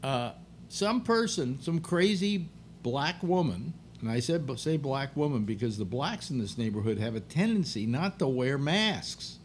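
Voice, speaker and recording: A man's voice: medium pitch, big pitch swings, a little slow, a little hiss or hum. An older man hosting a talk show, rambling bluntly and grumbling through restarts. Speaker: radio talk show host. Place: apartment.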